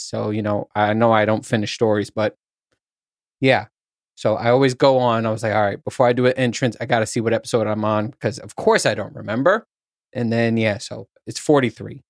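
Middle-aged male podcast host, rambling and profane, mid-pitched voice, dry room. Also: no echo. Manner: rambling, profane, self-mocking. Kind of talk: casual solo podcast chat. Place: at his workplace on lunch break.

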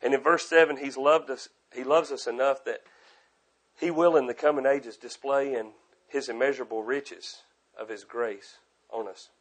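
A middle-aged man preaching a sermon, earnest and repetitive, moving between loud emphasis and quiet asides. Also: medium pitch, fairly even intonation, normal speed.

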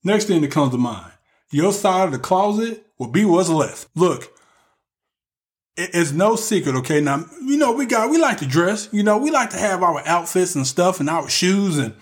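A man with a fairly high voice gives relationship tips in a loose, joking monologue. He talks straight to the men in his audience, like he is coaching them. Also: lively intonation, moderate pace. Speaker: vlogger giving relationship advice. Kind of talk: casual advice monologue.

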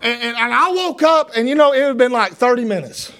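A middle-aged man preaching a sermon, fervent, swinging between loud shouts and hushed asides. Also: extremely high pitch, expressive, a little fast.

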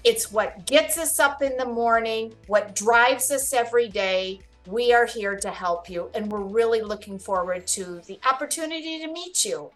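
Expressive higher-voiced woman podcast host. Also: moderate pace, few pauses, faint music behind. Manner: expressive, playfully dramatizes panic then soothes. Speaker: podcast host and Medicare advisor. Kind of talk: upbeat reassuring podcast monologue.

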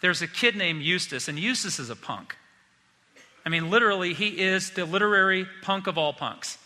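Bright-voiced joking preacher man. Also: high-pitched, moderate pace, long reverb tail. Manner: lively, joking storyteller. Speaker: pastor. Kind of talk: sermon.

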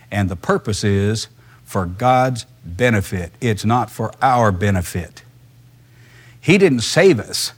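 A man's voice: fairly low pitch, breathy edge. A male pastor, preaching a sermon in a conversational, emphatic way full of rhetorical questions.

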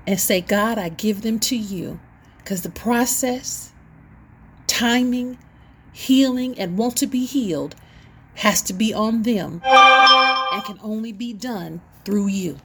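A woman's voice: medium pitch, husky. A middle-aged woman hosting her own show, preaching an impassioned, sermon-style testimony with rising and falling emphasis. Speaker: host and inspirational speaker.

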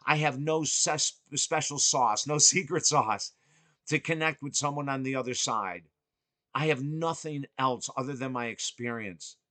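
A man hosting a podcast, telling a personal story earnestly and emphatically, swinging between excited and hushed. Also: mid-range voice, a little slow, no echo. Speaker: podcast host.

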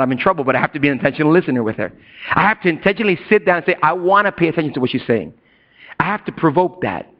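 A middle-aged man preaching a sermon as a pastor, chatty and casual, who swings from loud, high bursts to hushed, low asides. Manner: casual slang and asides to the congregation. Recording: dull lo-fi recording.

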